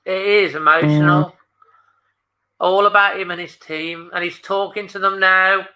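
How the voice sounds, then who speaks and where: A middle-aged man hosts a live football fan stream. His voice sits a little high and comes across bright and forward, but his pitch barely moves. He talks casually and emotionally, holding back tears and repeating phrases. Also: steady tone, measured pace. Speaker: fan channel host. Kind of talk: live match watchalong commentary.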